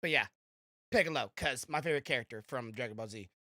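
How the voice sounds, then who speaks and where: A young man chatting loosely as a podcast host, his voice bright and forward. He rambles, circling back with many "um"s and restarts. The sound is dry and close. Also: mid-range voice, fast talker, no room sound. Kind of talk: casual podcast chat.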